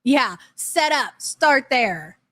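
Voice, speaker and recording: Woman host, high voice, mocking live-stream commentary, profane and blunt. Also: expressive, very slow, pushed and bright.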